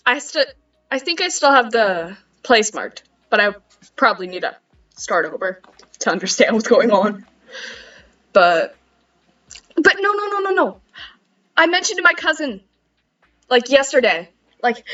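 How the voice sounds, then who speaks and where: A woman's voice: high-pitched, lively intonation, moderate pace, pauses often, pushed and bright, distant mic, highs cut off. A young woman streamer chatting casually, rambling and giggling at herself. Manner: giggly, rambling, self-mocking. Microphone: headset.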